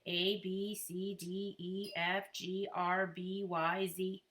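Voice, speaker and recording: A woman reading aloud, voicing an excitable, chatty four-year-old boy in a sing-song manner. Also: takes it slowly. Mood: eager. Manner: squeaky, sing-song, mimics cartoon voices.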